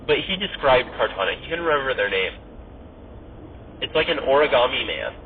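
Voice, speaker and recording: A man's voice: mid-range voice, very animated, a little fast. A man hosting a podcast, chatting casually in a rambling way, full of "like" and "you know". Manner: rambling, filler-heavy, lots of "like" and "you know". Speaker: podcast host. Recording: tinny phone-like audio with faint noise.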